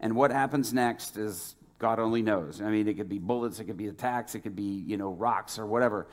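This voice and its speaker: A man preaching, telling a testimony as a lively storyteller who acts out the dialogue. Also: on the low side, a little fast. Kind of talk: sermon testimony.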